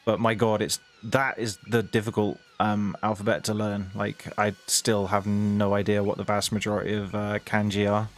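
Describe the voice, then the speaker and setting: A man's voice: on the low side, little pitch movement, moderate pace, hardly any pauses, soft background music. A young British man chatting casually to his viewers on a live stream, rambling and laughing often.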